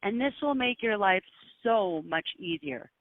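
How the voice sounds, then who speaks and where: Woman co-host, quick and assured, heard on a tinny phone line. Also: medium pitch, expressive. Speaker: co-presenter. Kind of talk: coaching call.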